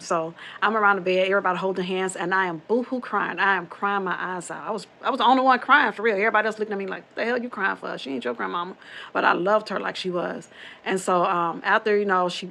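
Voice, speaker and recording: Gravelly woman telling a spooky true story. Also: fairly low pitch, fairly bright tone, slight background noise. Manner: rambling, repeats herself, quotes others in dialogue. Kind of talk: casual spoken true story.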